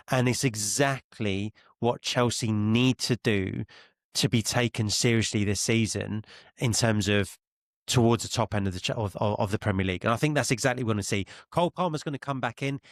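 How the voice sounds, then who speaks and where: A man's voice: medium pitch, no echo, clean studio sound. A man co-hosting a football podcast, speaking confidently and emphatically with teasing banter. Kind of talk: casual football podcast chat.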